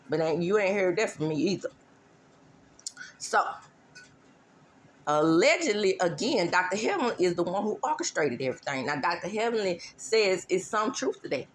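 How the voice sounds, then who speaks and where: A woman hosting a casual gossip show with a sassy, drawling manner, teasing and mimicking as she talks. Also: on the low side. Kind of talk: casual celebrity gossip commentary.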